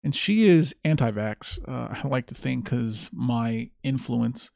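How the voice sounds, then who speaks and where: A man's voice: medium pitch, measured pace, gravelly, a little mellow, dry recording, clean studio sound. A man hosting his own stream, ranting in a sarcastic, mocking way about a clip he has just played. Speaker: streamer host. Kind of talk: casual solo stream commentary.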